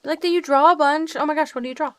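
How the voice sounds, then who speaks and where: A young woman streamer chatting casually with her viewers while decorating in a game, bubbly and quick to swear. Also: high voice, fairly even intonation, a bit bright, no echo. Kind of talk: casual live-stream chat while gaming.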